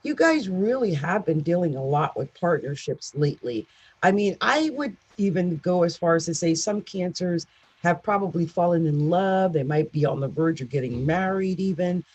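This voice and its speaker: A woman's voice: lowish voice, lively intonation, normal speed, a little mellow, dull audio. A woman astrologer giving a casual, chatty horoscope reading with emphatic asides. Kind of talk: casual monthly horoscope talk.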